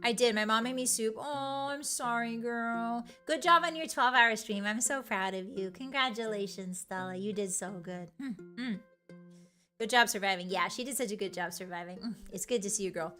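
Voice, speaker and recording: A woman's voice: a little high, normal speed, sharp tone, soft background music. A young woman streaming live, chatting casually and reading her chat, playful, giggly and teasing. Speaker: virtual streamer.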